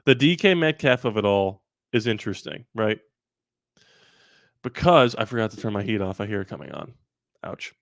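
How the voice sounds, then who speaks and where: A man hosting a live sports talk stream, animated and rambling with quick asides. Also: lowish voice, creaky, no room sound, clean studio sound. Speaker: sports channel host.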